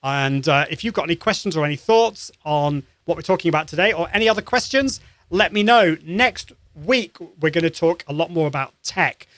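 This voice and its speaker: A man hosting a live-streamed lesson, coaching voice warm-ups in an upbeat, encouraging way with many restarts. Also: fairly high pitch, animated, a little fast, no room sound, clean studio sound. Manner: upbeat and encouraging, demonstrates sounds; conversational with frequent restarts.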